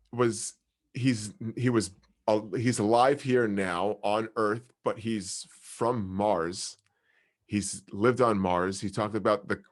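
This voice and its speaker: Rambling casual man telling stories. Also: on the low side. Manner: rambling, fillers, lots of "dude" and "like". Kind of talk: casual storytelling chat.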